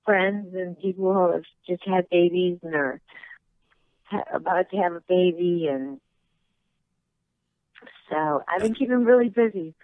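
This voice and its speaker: A woman guest chatting over the phone, relaxed and laughing between stories. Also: fairly low pitch, unhurried, long pauses, no echo. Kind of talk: casual phone interview. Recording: tinny phone line.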